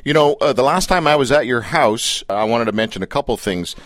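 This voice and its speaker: A man hosting a radio talk show, teasing his guest with playful, deadpan jabs. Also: mid-range voice, brisk, dry recording, studio quality.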